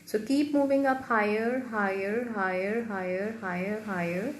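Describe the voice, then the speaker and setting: A woman leads a guided healing meditation in a soft, gentle voice, moving slowly and repeating her phrases. Her voice carries a noticeable room echo, with a faint hiss underneath. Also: medium pitch, fairly even intonation. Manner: soft, gentle, slow and repetitive.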